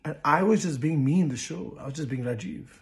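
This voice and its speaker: A man's voice: on the high side, brisk. A man who is a reality show contestant, telling a touching story to camera in an earnest, emotional way, repeating himself and restarting often. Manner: earnest, repetitive, many fillers and restarts. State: emotional, close to tears.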